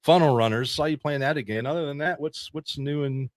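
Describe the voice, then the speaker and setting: A man's voice: fairly high pitch, a little fast, dry recording, studio quality. A man hosting a podcast, chatting casually and joking, laughing often. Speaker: podcast host. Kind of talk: casual chat. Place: podcast recording setup.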